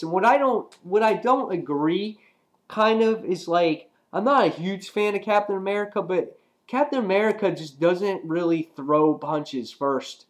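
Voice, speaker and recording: A man casually reviewing a comic book, rambling and filling pauses with "um" and "you know". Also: on the high side.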